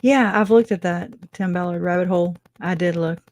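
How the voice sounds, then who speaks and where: A middle-aged woman talks casually to her livestream viewers in a lowish voice, chatty and quick to laugh, often restarting her sentences. The sound is close and dry, with no room around her. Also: a little mellow, no room sound. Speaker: livestream host reading chat. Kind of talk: casual live chat.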